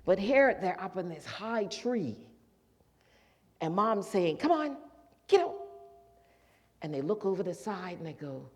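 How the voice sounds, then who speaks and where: A minister giving a sermon in a church, telling a story with lively acted-out voices. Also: medium pitch, unhurried. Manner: animated storytelling, acts out quoted voices. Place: church sanctuary.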